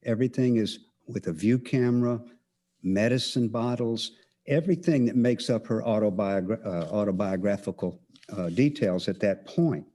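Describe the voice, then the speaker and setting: A man with a Texas accent, a photography teacher giving a conference talk, speaking haltingly with many fillers and restarts. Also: fairly low pitch, mellow. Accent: Texan.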